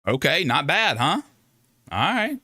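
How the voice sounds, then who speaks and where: A man's voice: a little high, sing-song, unhurried, sharp tone, no room sound, clean studio sound. A man hosting a casual livestream, chatting with viewers in a rambling, joking way with frequent restarts. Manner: rambling, joking, self-interrupting. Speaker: livestream host.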